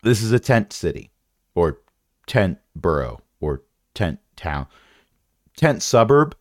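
Lively low-voiced male game master. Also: takes it slowly, no echo, clean studio sound. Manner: rambling, self-correcting, wry. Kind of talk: narrating a tabletop game.

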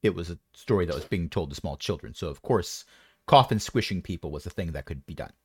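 Joking game master with lively pitch. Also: a little fast, slightly rough, no echo. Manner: dry, joking delivery. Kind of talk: narrating a tabletop game.

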